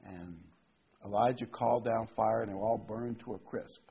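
A man with a husky voice delivers a sermon, leaning hard on key scripture words. The recording sounds dull and lo-fi. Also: fairly low pitch, steady tone, moderate pace. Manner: emphatic, reads and stresses scripture words. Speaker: preacher.

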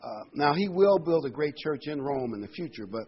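Husky-voiced man preaching a Bible sermon. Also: on the high side, expressive, moderate pace, highs cut off. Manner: conversational, emphatic, rises on key words.

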